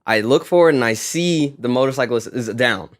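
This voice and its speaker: Animated man telling a story on a podcast. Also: medium pitch, moderate pace, no echo. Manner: animated storyteller, acts out quotes loudly. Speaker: podcast co-host. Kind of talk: casual chat, storytelling.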